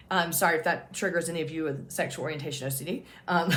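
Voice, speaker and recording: A woman's voice: deep voice, a little fast, a bit bright. Woman, peer support host, candid personal storytelling, casual, frank, swears freely, laughs at herself. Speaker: OCD peer support specialist and channel host.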